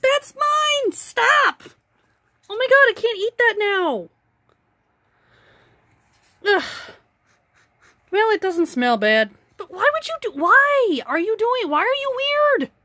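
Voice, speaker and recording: A woman with a very high, bright voice talks to her cat in a slow, playful, teasing way and laughs often. Her pitch swings widely. The sound is dry and close, recorded indoors at home. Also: very animated, dry recording. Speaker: pet vlogger. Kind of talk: casual talk to her cat.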